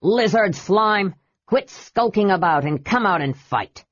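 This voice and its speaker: A woman voicing a gruff old male dwarf warrior in a storybook reading, in a deep grumbling voice. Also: sing-song, normal speed, darkish tone, dry recording, exaggerated voice. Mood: impatient. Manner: gruff, muttering, low growl. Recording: dull dry recording.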